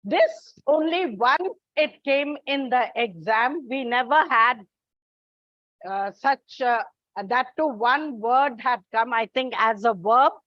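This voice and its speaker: A woman teaching an English exam coaching lesson, explaining slowly, spelling out letters and repeating the key points. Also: on the high side, expressive, no room sound, muffled recording.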